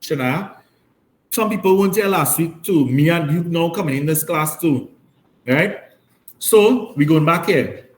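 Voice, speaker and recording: A man's voice: a little high, unhurried. A man teaching a maths class, explaining step by step and often checking with "right?". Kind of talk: classroom lesson. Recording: roomy classroom echo.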